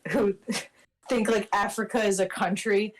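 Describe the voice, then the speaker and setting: A woman's voice: mid-range voice, fairly even intonation, a little slow, rough recording. A woman guest in a casual stream chat who rambles with fillers, restarts and laughs. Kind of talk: casual chat over a voice call.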